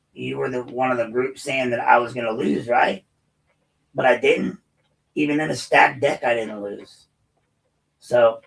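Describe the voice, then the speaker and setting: A man who is a veteran hosts his own show, delivering a rambling, combative commentary monologue with many restarts. His voice is mid-range, heard through a distant mic in a low-quality recording.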